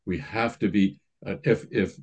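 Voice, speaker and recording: Priest guy giving a chatty sermon, kinda low voice, reads out old quotes and explains em. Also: steady tone, unhurried, husky. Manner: conversational teaching, reading quotes aloud.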